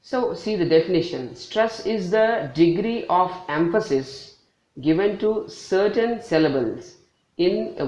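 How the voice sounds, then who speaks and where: Man, higher voice, Indian English accent, teacher, pronunciation lesson, patient, repeats example words. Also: darkish tone, muffled recording.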